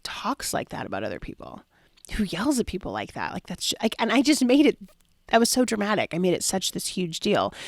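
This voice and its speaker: A woman's voice: medium pitch, dry recording, clean studio sound. A young adult woman hosting a solo podcast as a life coach, telling a story with lots of fillers and dramatic quoted asides.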